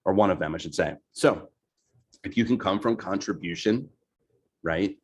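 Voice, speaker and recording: A man's voice: low voice, moderate pace, slightly rough, highs cut off. A man leading a casual team training on sales calls, loose and chatty, often asking "right?" and with a New Jersey accent. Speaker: real estate team leader.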